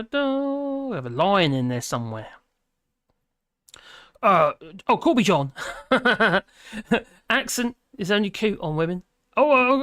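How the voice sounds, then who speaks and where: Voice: mid-range voice, a bit bright, clear, resonant tone, dry recording, studio quality. A host with a British accent chatting casually on a live stream, reading out viewer comments and humming between them. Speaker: livestream host.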